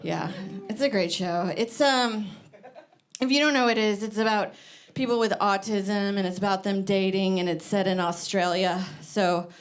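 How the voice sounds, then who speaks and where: With a clean-toned, medium-pitched voice, fairly even intonation, and a moderate pace, a woman performs stand-up in front of a live comedy club audience whose laughter can be heard. She's chatty and slightly out of breath, full of "like" fillers, and laughs at her own jokes.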